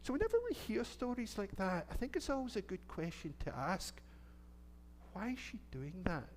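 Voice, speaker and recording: A middle-aged Scottish minister with a noticeably high voice. He tells a children's story in a playful, chatty way, asking the children questions. A faint hum sits behind him. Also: very animated, moderate pace. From Scotland. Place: church sanctuary.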